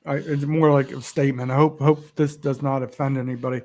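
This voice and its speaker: Gravelly, flat-voiced man around sixty. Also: mid-range voice, a little fast. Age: about 60. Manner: bleak, blunt and emotional. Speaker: podcast guest. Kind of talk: candid interview talk.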